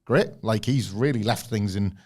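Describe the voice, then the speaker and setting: A man with a somewhat low voice talks through his opinions in loose podcast chat. He leans on "like" as filler. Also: normal speed, a little mellow. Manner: filler-heavy, frequent "like". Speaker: podcast co-host.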